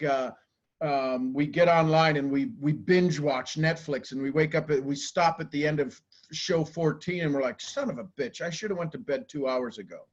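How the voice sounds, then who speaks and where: A man giving a live talk to a group, animated and casual, acting out quoted voices and swearing now and then. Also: on the high side, highs cut off. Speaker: motivational speaker.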